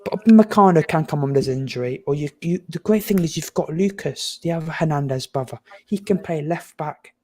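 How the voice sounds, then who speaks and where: A young man from England giving opinionated, animated takes in a casual football chat, often stumbling and restarting. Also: on the high side, fairly quick, few pauses. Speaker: panelist.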